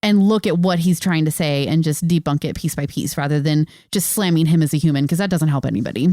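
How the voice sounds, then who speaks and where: A woman co-hosting an archaeology podcast, talking in an animated, chatty way with many fillers. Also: low-pitched, fast talker, no room sound, studio quality. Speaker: podcast co-host. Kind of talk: casual podcast chat.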